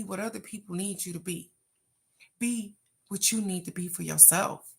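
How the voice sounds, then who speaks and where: A woman's voice: medium pitch, moderate pace, vocal fry, slightly rough. A woman hosting a casual live oracle card reading, talking straight to her viewers in an encouraging, motivational way. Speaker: oracle card reader, livestream host.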